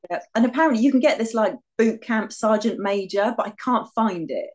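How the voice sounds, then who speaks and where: A woman's voice: fairly high pitch, fairly quick, darkish tone. A middle-aged woman chatting casually as a podcast guest, often breaking into laughter as she talks. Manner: giggly, laughs often while talking. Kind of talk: casual chat.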